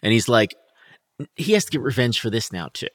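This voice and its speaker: A man's voice: medium pitch, sing-song, a little fast, no room sound, studio quality. A man co-hosting a casual podcast, switching between swearing banter and dramatic readings of old verse. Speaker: podcast co-host. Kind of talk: casual chat with read-aloud lines.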